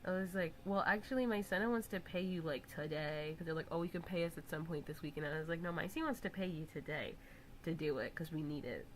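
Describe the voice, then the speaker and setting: A young woman live streaming, chatting casually and teasing her viewers, breaking into loud laughs. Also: low-pitched, quick pace, slight background noise, poor audio.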